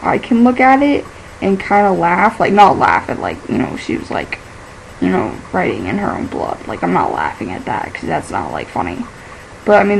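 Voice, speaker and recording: A woman's voice: medium pitch, vocal fry, a little hiss or hum, rough recording. A teenage girl vlogging in a rambling, casual way, filling her talk with "like" and laughing easily. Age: teens. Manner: chatty and scattered, fills every pause with "like", laughs easily.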